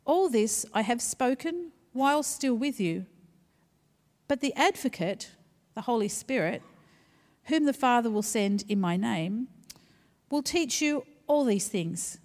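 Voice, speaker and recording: Slow, measured woman reading scripture. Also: a little high, animated, darkish tone. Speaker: scripture reader. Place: church. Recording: church hall reverb.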